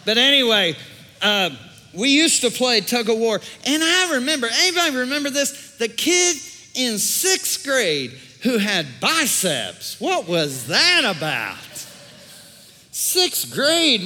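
A man's voice: fairly high pitch, sharp tone. A man preaching a sermon as pastor, conversational, with jokes and asides. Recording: long hall reverb.

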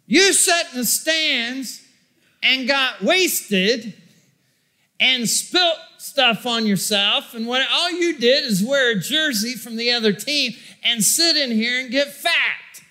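High-voiced, bright, emphatic preacher. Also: male voice, expressive, slow pace. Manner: emphatic, repetitive, bursts into shouts. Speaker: pastor. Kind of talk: sermon.

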